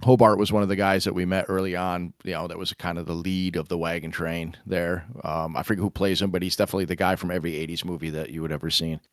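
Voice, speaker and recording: His voice sits low and level, moving at a quick pace with hardly any pauses, in a dry, studio-quality recording. He's a film podcast co-host chatting casually, reading a script aloud with frequent chuckles and self-deprecating humor.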